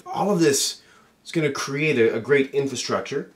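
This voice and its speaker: A man's voice: medium pitch, moderate pace. A man bantering earnestly and eagerly in a comedic sketch. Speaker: actor.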